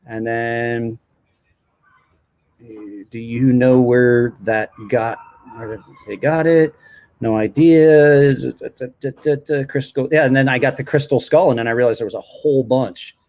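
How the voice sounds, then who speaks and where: Chatty man rambling on a stream. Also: medium pitch. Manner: rambling storytelling, chatty and self-deprecating. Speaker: live streamer. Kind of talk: casual late-night stream chat.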